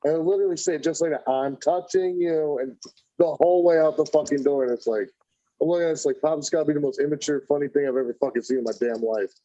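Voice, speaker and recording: A man's voice: a little high, rapid-fire, mellow. A man laughing and swearing in casual podcast banter. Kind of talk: casual chat. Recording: dull lo-fi audio.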